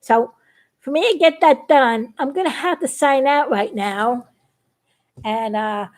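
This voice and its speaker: A woman's voice: high voice, unhurried. A woman hosting a casual live stream about her cartoons, rambling and giggling often. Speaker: livestream host and cartoon animator.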